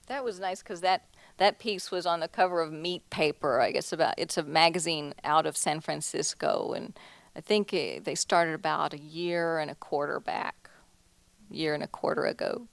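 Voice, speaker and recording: Chatty woman artist with a low voice. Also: moderate pace, creaky, dry recording. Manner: chatty, laughs often, many restarts and "you know". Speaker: artist giving a talk. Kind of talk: casual gallery talk. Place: museum lecture hall.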